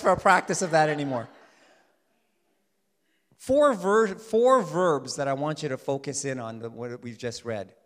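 High-voiced preacher man in a reverberant hall. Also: a little slow, long pauses. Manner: emphatic preacher, swings from loud declarations to soft urging. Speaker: pastor. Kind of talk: sermon.

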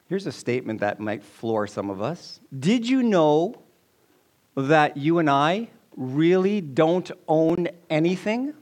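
Slow animated male pastor. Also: fairly high pitch. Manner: animated, emphatic, repeats key lines. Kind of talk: sermon to a congregation.

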